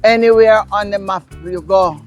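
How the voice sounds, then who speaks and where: A woman from Jamaica with a Jamaican accent, a guest explaining local words in a casual interview, telling stories in an animated, emphatic way. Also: mid-range voice, normal speed, lo-fi sound, faint music behind. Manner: animated storyteller, lively and emphatic.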